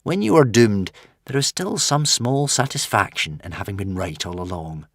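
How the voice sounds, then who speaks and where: A man narrating a fantasy audiobook in an expressive, dramatic way. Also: on the low side, normal speed, creaky, no room sound. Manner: dramatic, varied delivery.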